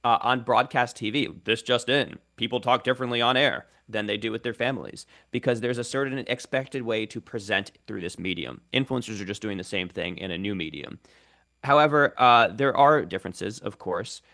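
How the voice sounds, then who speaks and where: An articulate male linguist answers questions as a radio guest, laying out his ideas step by step. His voice sits a little low and has a gravelly, creaky edge. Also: brisk, sharp tone. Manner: articulate, explanatory. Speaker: guest linguist and content creator. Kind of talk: radio interview.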